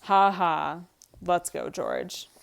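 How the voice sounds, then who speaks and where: A woman reading aloud the lines of a sharp-tongued young college woman from a script. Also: fairly low pitch, steady tone, drawn-out words, gravelly, clear, resonant tone, exaggerated voice. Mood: curt. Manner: read aloud from a script, lightly acted.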